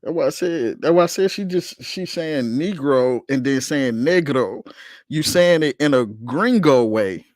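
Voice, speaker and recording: A man's voice: on the high side, animated, a little slow, darkish tone, no room sound, clean studio sound. A man hosting a livestream, arguing with his chat in a heated, profane, slangy rant. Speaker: streamer host reacting to chat.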